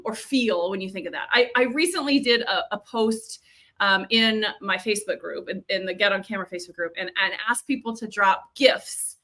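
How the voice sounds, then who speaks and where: A woman leads a live online training as a coach, in a bright, fairly high voice. She talks in a chatty, upbeat way, often repeating words and starting sentences over. She is recorded close up on a webcam mic. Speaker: video and growth coach.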